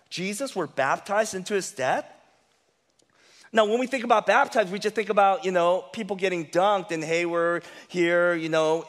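A man's voice: sits high, in a large hall. A male pastor preaching a sermon, building up with rhetorical questions and emphatic repetition. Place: church sanctuary.

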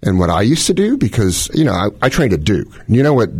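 A man's voice: on the low side, very animated, fast talker, a little mellow, husky, no echo, studio quality. A middle-aged man, a cardiologist, explaining heart conditions in casual chat with analogies and quoted scenarios. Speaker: cardiologist host.

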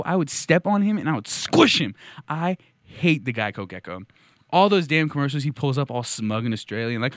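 Animated ranting male podcast host. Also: mid-range voice, normal speed, dry recording, studio quality. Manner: mock-outraged, sarcastic, ranting. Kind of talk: comedic monologue rant.

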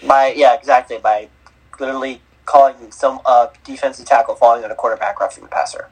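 A man's voice: mid-range voice, fairly even intonation, a little fast, slightly rough, poor audio. A man co-hosting a sports podcast, teasing and wisecracking with the others. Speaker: co-host. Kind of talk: casual sports podcast chat.

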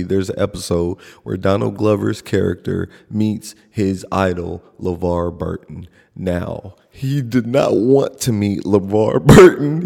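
Young guy, low and gravelly, animated casual storyteller, long reverb in the room. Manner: animated storyteller, breaks into laughter and loud retellings. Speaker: podcast co-host. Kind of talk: casual chat.

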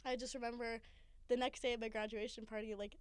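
A young woman with a high, smooth, clear voice tells a story in casual podcast chat. She fills her talk with "like" and acts out what others said. The sound is dry and close. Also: fast talker, no room sound. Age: young adult. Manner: animated, many "like" fillers, acts out quoted voices. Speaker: guest.

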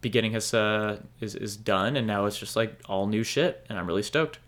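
A man's voice: lowish voice, moderate pace, a bit bright. A man co-hosting a podcast, talking casually and hedging his points, with some swearing. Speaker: podcast co-host. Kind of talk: casual chat.

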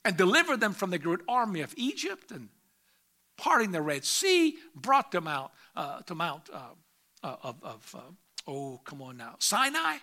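Pastor, male, high bright voice, preaching with loud bursts and quiet asides. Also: wildly swooping pitch, normal speed. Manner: reads scripture aloud in old English. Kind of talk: sermon.

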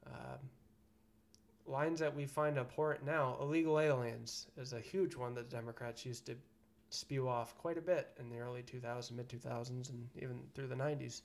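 A man's voice: medium pitch, fairly even intonation, normal speed. A man co-hosting a podcast in casual chat, frank and profane, prone to ranting. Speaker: podcast co-host.

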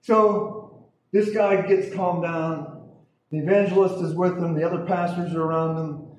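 A man's voice: sits high, fairly even intonation, a little slow. A man preaching and telling a testimony to a congregation, talking emphatically, repeating himself and checking in with "okay?". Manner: emphatic, repeats words, asks audience "okay?". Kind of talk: sermon testimony storytelling. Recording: echoey hall, distant mic, faint noise.

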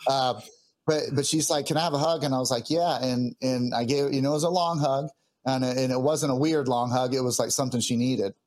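A man's voice: mid-range voice, fairly quick, a little mellow. A man, a guest musician, telling a personal story in an earnest, heartfelt way, often stopping and restarting as he gets emotional.

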